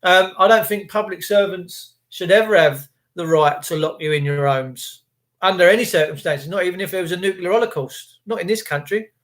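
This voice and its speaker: High-voiced chatty man. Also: fairly quick, a bit bright. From England. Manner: chatty, cheeky, ranting at times. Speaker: live-stream host. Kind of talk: casual live-stream chat greeting viewers.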